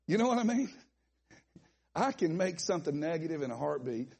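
Southern preacher guy, high voice, bit husky, folksy and animated, lots of asides. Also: moderate pace. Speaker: pastor. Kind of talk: sermon. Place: church conference hall.

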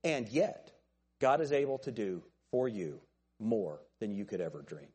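A man's voice: on the low side, very animated, measured pace, mellow, slightly rough. A middle-aged man preaching a folksy sermon as a pastor, joking with his congregation in a church. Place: church sanctuary.

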